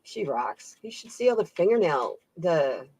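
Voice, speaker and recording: Slow, chatty woman tarot reader. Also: fairly low pitch, very animated, darkish tone, husky. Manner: chatty, laughs often, reads viewer comments aloud. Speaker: tarot reader and channel host. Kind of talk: casual live-stream reading, chatting with viewers.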